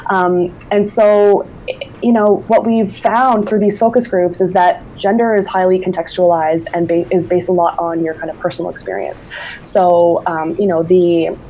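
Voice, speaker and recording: A woman's voice: fairly low pitch, flat delivery, normal speed, dark tone, poor audio. A woman giving an academic talk over a video call, casual and chatty with many fillers and restarts. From Newfoundland. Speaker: invited speaker.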